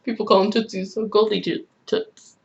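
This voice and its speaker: A woman's voice: a little high, lively intonation, unhurried, a bit bright, lo-fi sound. A woman hosting a casual couple chat, laughing often between her lines. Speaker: channel host.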